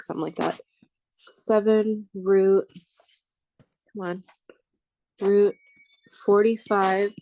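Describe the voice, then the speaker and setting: Woman, math professor, unhurried, thinks aloud while writing, dry recording. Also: medium pitch, darkish tone, no room sound. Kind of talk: lecture working problems on a board.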